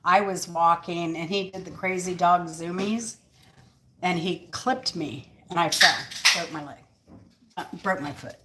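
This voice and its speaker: Woman, cooking vlog host, slightly low voice, unhurried rambling storyteller, laughs a lot. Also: noisy background. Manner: rambling, with many fillers and restarts; laughs often while telling stories. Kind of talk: casual storytelling chat. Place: home kitchen.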